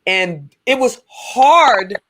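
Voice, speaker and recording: A woman hosting a casual talk show, telling a story with lively restarts. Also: on the high side, drawn-out words. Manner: animated storytelling, many restarts. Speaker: podcast host. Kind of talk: casual chat.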